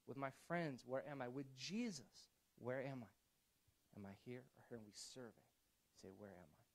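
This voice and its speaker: A male pastor preaches a sermon in church with an ordinary middle-pitched voice at a moderate pace, and the recording is rough. His delivery is loose and conversational, full of restarted sentences, dipping into quiet asides before rising to emphatic points.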